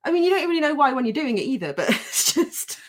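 A woman's voice: high-pitched, sing-song, quick pace. A woman co-hosting a podcast, reading a listener's story aloud with frequent laughter and casual swearing, then chatting. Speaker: podcast co-host.

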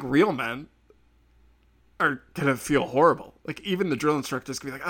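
A man's voice: medium pitch, brisk, a bit bright, slightly rough. Rambling, profane man hosting a solo podcast. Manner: rambling, profane, laughs at his own jokes; acts out quoted people in sudden bursts. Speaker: podcast host.

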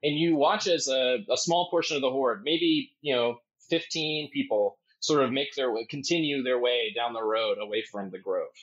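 A man narrating as game master, halting with many ums and uhs. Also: medium pitch, fairly bright tone. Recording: dull lo-fi audio.

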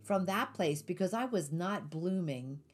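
Woman, host, reflective, lightly humorous, teaching, lowish voice. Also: lively intonation, measured pace, husky. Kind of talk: faith-based podcast chat.

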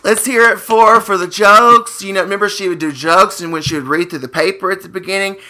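Bright-voiced joking man. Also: sits high, steady tone. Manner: quick, joking banter. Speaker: podcast co-host. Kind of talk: casual nostalgic chat.

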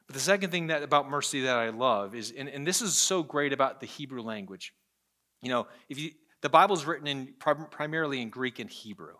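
Pastor, man, bright clear voice; earnest sermon delivery with personal stories. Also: mid-range voice, brisk. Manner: earnest preaching with storytelling and repeated phrases.

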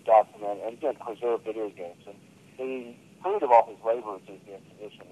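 A man in his fifties with a drawl speaks as a guest over the phone. His voice is on the low side and sounds dry, with no room echo. He explains things in an easy, friendly way. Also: mellow. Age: 50s. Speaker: museum curator.

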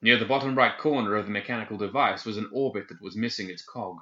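A man narrating a dark fantasy story in a measured, dramatic reading. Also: lowish voice, echoey room. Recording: dull lo-fi recording.

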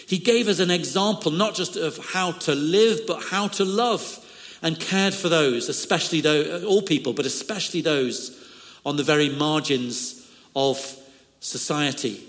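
A man preaching a sermon with slow, emphatic phrasing and frequent "uh" fillers. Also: fairly high pitch, fairly bright tone, big-room sound.

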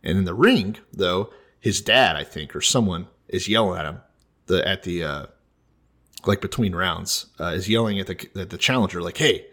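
A man's voice: low voice, moderate pace, fairly bright tone. A man co-hosting a casual comedy podcast, telling a story in a laid-back way. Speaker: podcast co-host.

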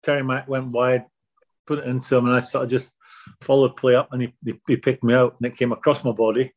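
An older man being interviewed, telling anecdotes in a relaxed, self-deprecating way. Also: mid-range voice, fast talker. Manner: anecdotal, self-deprecating, repeats words when starting. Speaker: guest.

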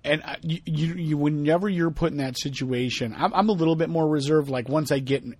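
A man hosting a casual podcast, teasing his co-host in relaxed banter. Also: a little high, brisk. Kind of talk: casual chat.

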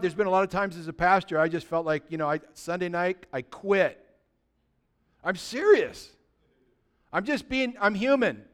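A male pastor preaching a lively, conversational sermon, often asking the congregation questions. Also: high voice, clean tone.

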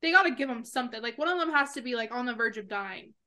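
A woman co-hosting a podcast, adding quick joking asides in casual chat about a TV show. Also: on the high side, animated, sharp tone. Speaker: podcast co-host.

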